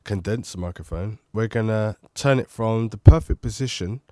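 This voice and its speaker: At his desk at home, a tech reviewer tests a close studio condenser mic, chatting casually, rambling a little, and commenting on himself. His voice is lowish and darkish at a moderate pace, with no echo.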